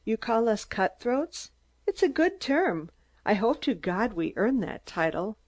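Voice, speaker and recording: Shrill, ranting little man in staccato bursts, put on by a female audiobook reader. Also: very animated, unhurried, a little mellow. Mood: indignant. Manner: screaming, staccato outbursts. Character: shrill, excitable small older man, a ranting agitator.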